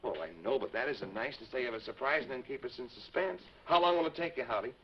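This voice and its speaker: A man's voice: mid-range voice, fast talker, hardly any pauses. A man hosting a live children's show, coaxing the kids in a friendly way, on a noisy lo-fi 1950s TV broadcast. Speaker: children's TV host.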